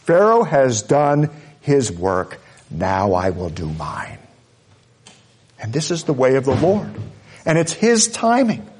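A pastor preaching a sermon, earnest and emphatic, driving points home with repeated phrases. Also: male voice, mid-range voice, huge pitch swings, takes it slowly, pauses often, darkish tone, breathy edge.

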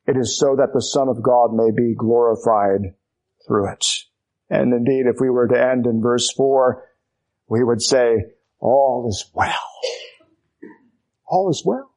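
A man's voice: medium pitch, steady tone, a little slow, a little mellow. A man preaching an expository sermon, emphatic, building his points through repetition.

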